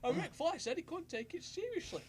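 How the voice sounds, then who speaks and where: A man's voice: very high-pitched, big pitch swings, brisk. A man co-hosting a wrestling podcast, laughing as he retells stories. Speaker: podcast co-host. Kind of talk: casual wrestling chat.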